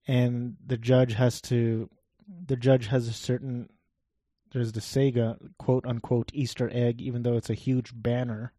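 A man with a dark, mellow and flat monotone voice talks through a game in a loose, wry commentary. He rambles and swears now and then. The sound is dry and close. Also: medium pitch, unhurried, no room sound. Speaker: gameplay commentator. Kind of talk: casual gameplay commentary.

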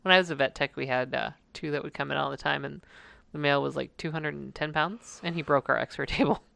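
A woman co-hosting a podcast in casual chat, giggly and bubbly, tossing out quick asides. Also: sits low, gravelly, a bit bright, no echo. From Wisconsin. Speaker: podcast co-host.

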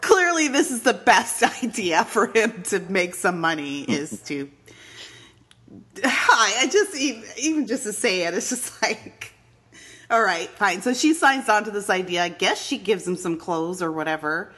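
Woman co-host, casual movie recap, dry sarcastic humor, mid-pitched voice, laughs often. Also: sing-song, a little slow, fairly bright tone, husky. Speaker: podcast co-host.

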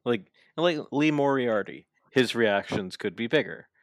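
A man's voice: mid-range voice, a little slow, no echo, clean studio sound. A man co-hosting a casual podcast, telling stories eagerly, acting out quotes and swearing freely. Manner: excited storyteller, swears freely, acts out quotes. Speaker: podcast co-host. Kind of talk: casual wrestling chat.

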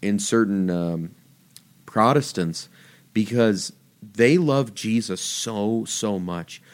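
Animated man chatting about faith. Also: lowish voice, takes it slowly. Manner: animated storyteller, voice jumps up for quoted lines. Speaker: podcast host. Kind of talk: casual faith conversation.

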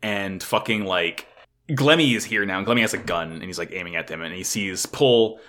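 A man co-hosting a casual podcast, recapping an anime episode in an animated way, swearing often and filling with "like". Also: sits low, fairly quick. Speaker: podcast co-host.

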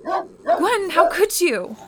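A woman's voice: extremely high pitch, noisy background. A woman acting a friend in an audio drama, emotional and accusing. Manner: emotional, accusing, then flat and slow. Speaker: character Erin.

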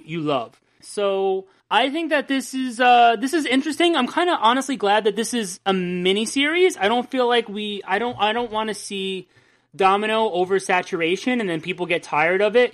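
A young man co-hosts a casual podcast about comics news, rambling, joking, and swearing a lot. His voice sits high with a fairly bright tone.

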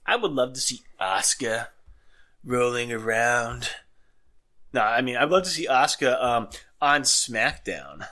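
Bright, lively podcast co-host. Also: male voice, medium pitch, unhurried. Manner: laughs easily, lively teasing banter. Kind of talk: casual chat.

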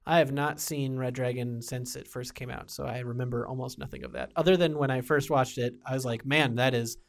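A man's voice: mid-range voice, steady tone, fairly quick, creaky. A man chatting casually about TV shows, rambling with many fillers and restarts. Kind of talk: casual chat.

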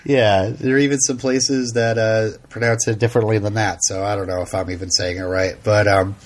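A man's voice: fairly low pitch, fairly even intonation, brisk. A man co-hosting a casual chat, rambling with frequent ums and light laughs. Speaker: podcast co-host.

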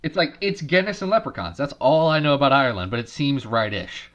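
A man's voice: medium pitch, expressive, fairly quick, fairly bright tone, lo-fi sound, slight background noise. A man hosting a podcast, recapping a movie in casual chat with sarcastic asides over a remote call. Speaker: podcast host.

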